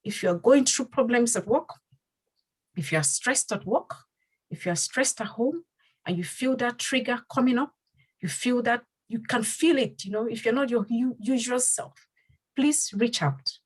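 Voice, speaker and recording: A woman's voice: a little high, moderate pace, breathy edge, low-quality recording. A woman who leads her community and hosts a panel discussion. She speaks earnestly and repeats phrases for emphasis. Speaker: community leader and host.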